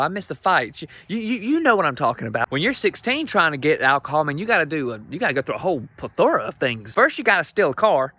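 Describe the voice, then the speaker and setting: A man's voice: high voice, pushed and bright, no echo. A young adult man doing brash, profane, self-deprecating stand-up comedy.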